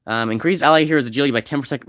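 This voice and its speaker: Brief: man, mid-pitched, casual gameplay chatter, rattles off game text, dry close mic. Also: fairly bright tone, no echo. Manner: rambling, reads game text aloud fast. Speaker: game streamer.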